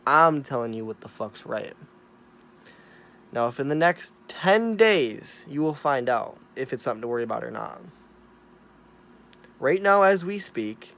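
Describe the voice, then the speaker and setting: A man at an ordinary middle pitch rants to his camera, swearing freely and repeating phrases for emphasis. He lurches between muttered asides and loud, insistent bursts. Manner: profane, emphatic, repetitive, swinging from mumbling to loud. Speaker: vlogger. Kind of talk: ranting monologue to camera.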